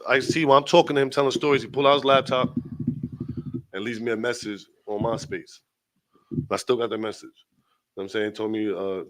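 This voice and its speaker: A man's voice: mid-range voice, a bit bright, rough recording. A young man from Brooklyn with a New York accent, a rapper telling a long, profane story as a guest and acting out the other people in it. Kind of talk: animated storytelling.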